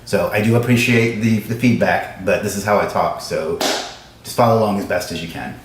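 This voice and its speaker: A man hosting a live stream, chatting casually with viewers in a fast, joking, self-mocking way, in a room with echo. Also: fairly low pitch, background noise. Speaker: livestream host. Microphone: livestream camera setup. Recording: echoey room sound.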